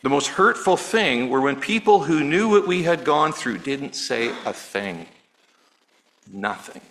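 A middle-aged male pastor preaching a sermon in an earnest, personal way, dropping low and quiet on words of grief. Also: animated, a little slow, a little hiss or hum, rough recording. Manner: earnest, personal, softening to near-hush on grief.

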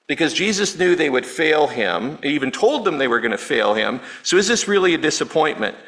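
A man's voice: a little high, sing-song, fairly quick, a bit bright, low-quality recording. A man preaching a sermon in a conversational way, often asking his listeners questions. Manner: conversational, asks the audience questions, many restarts. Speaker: pastor.

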